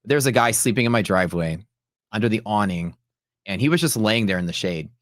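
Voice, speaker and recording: A man's voice: lowish voice, lively intonation, brisk, no room sound, clean studio sound. A man hosting a live trading stream, telling rambling stories in a casual, chatty way with lots of "like" and "dude". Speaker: livestream host and futures trader.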